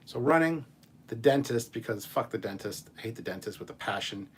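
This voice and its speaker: A man hosting a casual chat show, reading viewer messages and ranting in an animated, profane way. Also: medium pitch, fairly quick, a little hiss or hum. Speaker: channel host.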